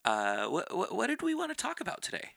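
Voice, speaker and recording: Gravelly, animated podcast host. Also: male voice, high voice, fast, no echo. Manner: laughing, rambling, animated. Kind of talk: casual podcast chat.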